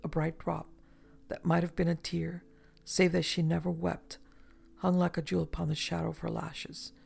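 A narrator reading a romantic adventure novel aloud in measured, even storytelling. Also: mid-range voice, vocal fry, slightly rough, faint music behind. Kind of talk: audiobook narration.

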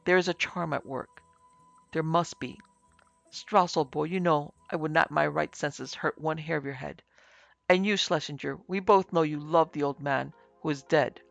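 An earnest young student pleads in a slightly raised voice with a gravelly edge, as a male narrator puts him on. Faint music plays underneath. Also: a little high, normal speed, fairly bright tone, dry recording.

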